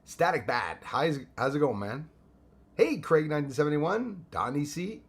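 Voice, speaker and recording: A man's voice: a little high, animated, normal speed, breathy edge. Casual Canadian man greeting live viewers. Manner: greets viewers by name, switches into French. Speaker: live-stream host. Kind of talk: casual live-stream chat.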